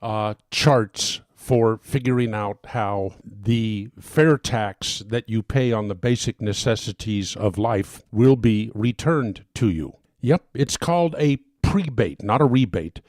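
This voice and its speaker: A man's voice: fairly low pitch, takes it slowly, hardly any pauses, darkish tone, no room sound, clean studio sound. A man hosting a talk show, delivering an impassioned monologue that keeps building into emphatic bursts. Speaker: talk radio host. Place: home studio.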